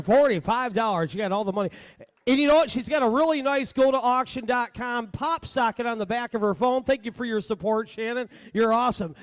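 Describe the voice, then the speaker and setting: Auctioneer, man, high voice, Midwestern American accent, rhythmic bid chant. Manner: rhythmic fast chant with filler phrases. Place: event hall.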